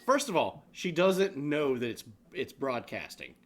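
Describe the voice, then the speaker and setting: A man's voice: medium pitch, big pitch swings, a little slow, heavy background noise. A man co-hosting a live stream show, chatting casually with profane, laughing banter. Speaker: co-host.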